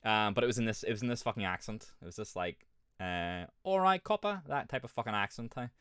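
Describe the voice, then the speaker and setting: Rambling, swearing Irish streamer. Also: male voice, lowish voice, fast talker, a bit bright, clean tone, no echo, clean studio sound. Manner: rambling, swears often, laughs at himself. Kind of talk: casual gaming chat.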